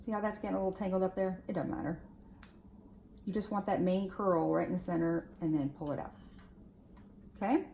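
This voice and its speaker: A woman's voice: lowish voice, steady tone, a little fast, creaky, pauses often, mellow, roomy sound, slight background noise. A woman stylist walking viewers through curling a wig in a casual, chatty way, full of "like" and "okay". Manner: chatty, lots of fillers like "like" and "okay". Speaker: hair stylist demonstrating on a wig. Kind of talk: casual tutorial talk.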